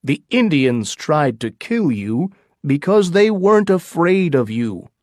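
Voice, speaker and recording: A man's voice: a little high, sing-song, slow, a little mellow, no room sound, clean studio sound. A man voicing a careful male expedition leader in a storybook reading, speaking firmly and with command.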